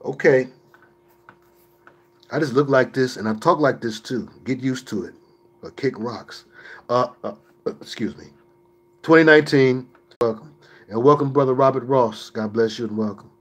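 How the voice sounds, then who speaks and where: A man's voice: medium pitch, moderate pace, pauses often, breathy edge. A man hosting a livestream, answering viewer questions in an emphatic, preachy way with mocking asides.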